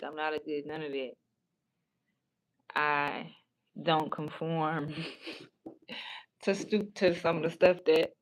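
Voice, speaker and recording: A woman hosting a livestream in casual chat, talking bluntly and profanely, rambling with many restarts. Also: low-pitched. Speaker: livestream host.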